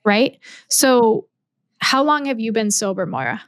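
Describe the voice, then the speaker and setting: Upbeat woman guest with lively quoting. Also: fairly high pitch, unhurried, no room sound, studio quality. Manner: energetic, candid, acts out quoted dialogue. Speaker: podcast guest, business mentor. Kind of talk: casual interview chat.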